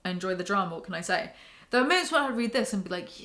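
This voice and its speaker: A young woman talks straight into the camera in a relaxed home vlog, her pitch sitting at an ordinary middle height. She reviews books in a frank, ranting way, swears without a second thought, and keeps an easy, conversational pace. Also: rapid-fire. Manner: candid, ranting, swears freely. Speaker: book reviewer. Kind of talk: casual spoken book review.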